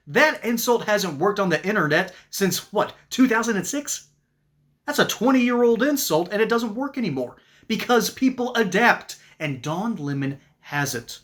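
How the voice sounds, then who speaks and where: A man's voice: high voice, very animated, normal speed, a bit bright. A man giving sarcastic, mocking political commentary in an opinion monologue. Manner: reads ad copy.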